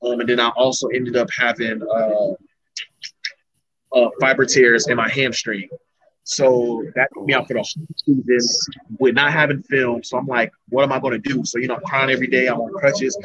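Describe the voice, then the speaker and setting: A man's voice: mid-range voice, fairly even intonation, moderate pace, fairly bright tone, breathy edge. A young man from Florida, an MMA fighter telling his story in a rambling, casual interview. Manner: rambling, restarts sentences often. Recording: dull lo-fi recording.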